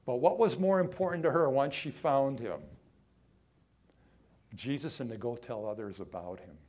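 A man preaching a sermon, emphatic, swinging between loud lines and hushed ones, drawing some phrases out. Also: medium pitch, moderate pace. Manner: acts out quoted voices in his own voice.

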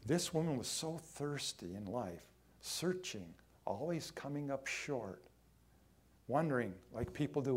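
A man preaching a sermon, emphatic, swinging between loud lines and hushed ones, drawing some phrases out. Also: medium pitch, lively intonation, unhurried, breathy edge. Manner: acts out quoted voices in his own voice.

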